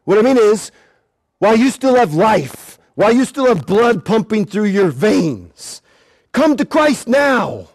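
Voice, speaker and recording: A male preacher giving an animated evangelistic sermon at an outdoor gathering, repeating words and shouting at times. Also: sits high, measured pace, no echo.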